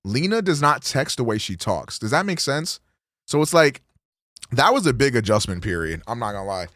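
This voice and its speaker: Animated, profane streamer reacting. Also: male voice, mid-range voice, moderate pace, dry recording, studio quality. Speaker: streamer host. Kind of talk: casual reaction commentary.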